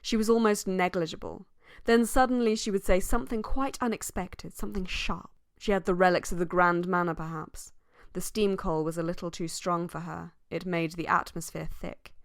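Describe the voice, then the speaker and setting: A woman reading a novel aloud as an audiobook, with expressive rises in pitch for emphasis. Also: moderate pace, no echo, clean studio sound. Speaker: audiobook reader. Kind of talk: scripted audiobook narration.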